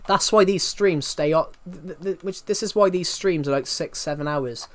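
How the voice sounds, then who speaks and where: A man's voice: fairly high pitch, normal speed. A man in his twenties from Southwest England chatting on a livestream, rambling and answering viewer comments with many ums and restarts. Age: 20s.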